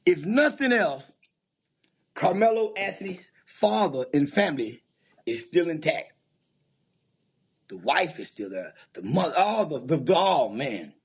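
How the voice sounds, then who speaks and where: Husky, taunting man ranting. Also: fairly high pitch, very animated, a little slow, long pauses. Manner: profane, taunting, insulting. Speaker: commentator. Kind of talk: angry rant commentary.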